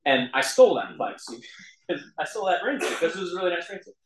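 A man's voice: on the high side, sing-song, quick pace. A man sharing his recovery story in a self-deprecating way, often laughing at himself. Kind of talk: personal storytelling talk. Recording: roomy echo.

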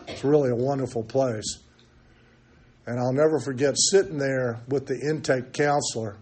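A man's voice: mid-range voice, fairly even intonation, normal speed, darkish tone, a little hiss or hum. An older man giving a candid, self-mocking recovery testimony, talking in a loose storytelling way with many fillers. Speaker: recovery meeting speaker.

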